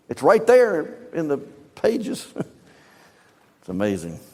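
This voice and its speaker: A man's voice: on the high side, big pitch swings, measured pace, long pauses, big-room sound. A male pastor preaching a sermon, reading scripture aloud with dramatic emphasis and asking the congregation questions. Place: church sanctuary.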